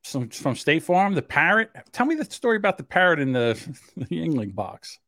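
A man's voice: fairly high pitch, sing-song, normal speed, a bit bright, no echo, clean studio sound. A man co-hosting a casual podcast, joking, laughing often and slipping into mocking voices. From Irish. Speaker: podcast co-host.

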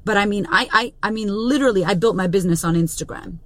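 A woman's voice: medium pitch, fast talker. A woman in her thirties, a business coach and podcast host, delivering a blunt, profane motivational monologue with strong emphasis. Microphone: studio podcast mic.

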